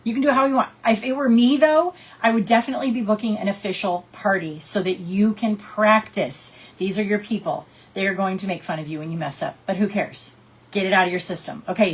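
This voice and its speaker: A woman talks to her team in a loose, chatty coaching style. Her voice is soft and breathy, at an ordinary pitch. She encourages them and acts out small scenes as she goes. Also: fairly quick, rough recording. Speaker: direct sales team leader. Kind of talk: casual coaching talk to a team.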